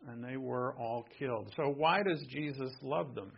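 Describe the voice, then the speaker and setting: A man from Rhode Island preaching a sermon in a conversational way, swinging between soft asides and emphatic points. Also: mid-range voice, moderate pace, creaky, breathy edge, highs cut off. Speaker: pastor.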